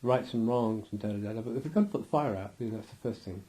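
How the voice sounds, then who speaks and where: A man's voice: lowish voice, racing, warm tone. A man giving a loose, rambling interview, restarting his sentences and acting out little scenes with laughter.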